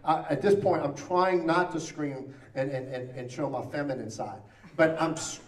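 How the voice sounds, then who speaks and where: A man preaching, telling a story in an animated way and acting out the lines of each person in it. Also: fairly high pitch, normal speed. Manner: animated, acting out quotes, repeats himself. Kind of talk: sermon storytelling. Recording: roomy church sound from a distant mic.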